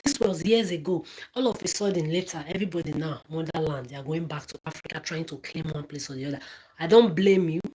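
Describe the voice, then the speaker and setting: A woman's voice: low voice, fast, warm tone, rough recording. A woman from Nigeria, delivering an angry, profane, repetitive monologue to camera. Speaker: social media ranter.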